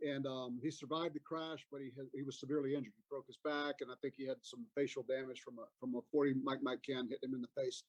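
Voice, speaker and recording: A man's voice: mid-range voice, flat delivery, quick pace, few pauses, dry recording, low-quality recording. A man in his fifties, an army veteran guest, telling a war story in a rambling way with many fillers. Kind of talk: casual storytelling on a podcast.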